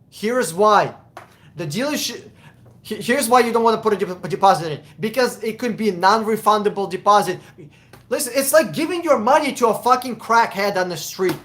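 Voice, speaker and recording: Man hosting a live Q&A stream, high voice, blunt and profane, repeats words for emphasis. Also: brisk, a bit bright. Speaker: host answering viewer questions.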